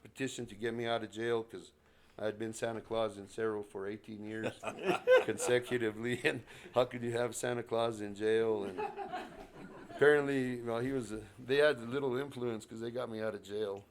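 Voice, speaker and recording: A man from northern New Mexico spins a personal tale for a live audience in a library room. He plays both sides of each exchange and laughs along with his own story. His voice sits at an ordinary middle pitch. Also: normal speed, noisy background. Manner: lively, acts out both sides of a dialogue, chuckles often. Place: public library event room.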